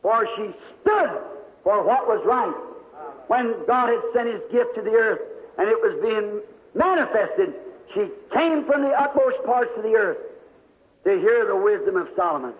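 A male preacher with a very high voice delivers a fervent sermon, telling a story and turning to address his listeners directly. The sound is tinny and narrow, and a long hall reverb trails his words. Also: expressive, unhurried.

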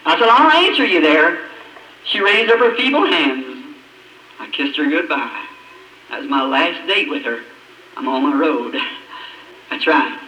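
A man preaching an emotional testimony, his voice breaking and climbing high, with long dramatic pauses. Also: pushed and bright. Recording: old echoey hall recording from a distance, faint hiss.

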